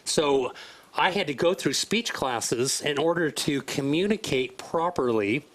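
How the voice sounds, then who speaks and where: Guy co-hosting a faith talk show, earnest and preachy, talks in quick bursts. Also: on the high side, expressive, a bit bright, rough recording. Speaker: co-host.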